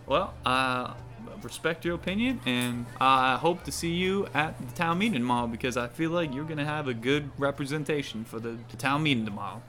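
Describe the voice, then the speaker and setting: A man's voice: mid-range voice, a little fast, bright, forceful tone, faint music behind, close to an everyday voice. A man voicing a folksy small-town male townsperson who stammers and hesitates, playing a tabletop game. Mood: polite.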